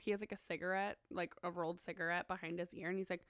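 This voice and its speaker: A woman's voice: medium pitch, quick pace, clear, resonant tone, dry recording, studio quality. A young woman chatting casually and telling a story with lots of acted-out quotes. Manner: animated storyteller, acts out quotes. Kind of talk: casual chat.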